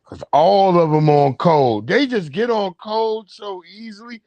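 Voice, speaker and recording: A man's voice: high-pitched, unhurried, darkish tone, no room sound, dull audio. A man hosting a live stream, giving loose, profane, slangy commentary on video clips.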